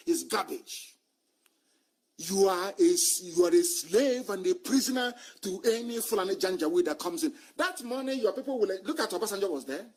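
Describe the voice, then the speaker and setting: A man giving an impassioned live broadcast address as a movement leader, fiery and scornful, swinging between loud outbursts and low muttering. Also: husky.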